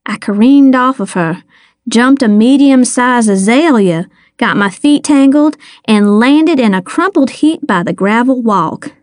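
Slow, wry woman narrating a story. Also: fairly high pitch, no echo, studio quality. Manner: wry, deadpan humor. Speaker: audiobook narrator. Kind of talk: first-person storybook narration.

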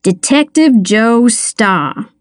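Figure: a woman reading a stern, unsmiling male detective from out of town, audiobook. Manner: terse, flat, clipped questions, unhurried. Sound: dry, close. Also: on the high side, no echo. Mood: curt. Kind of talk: audiobook character voice.

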